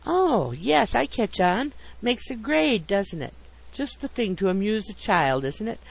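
A man voicing a cheerful middle-aged father who gets boyishly excited over a toy train. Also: sits high, normal speed, poor audio. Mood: eager.

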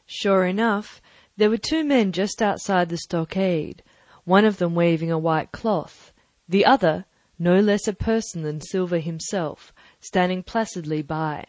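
A woman's voice: fairly low pitch, no room sound. Woman narrating an audiobook, dry sound. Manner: measured, even storytelling. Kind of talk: scripted narration.

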